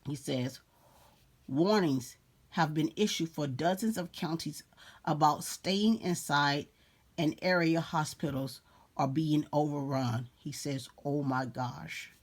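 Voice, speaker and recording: A woman reads a story aloud at a slow pace and breaks off often to comment on it in a casual preaching way. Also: deep voice.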